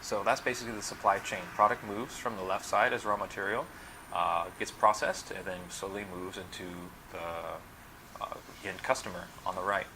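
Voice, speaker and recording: A man's voice: low voice, fairly even intonation, moderate pace, background noise. A man from the United States, a supply chain consultant hosting his own channel, talking casually to camera and explaining things patiently step by step.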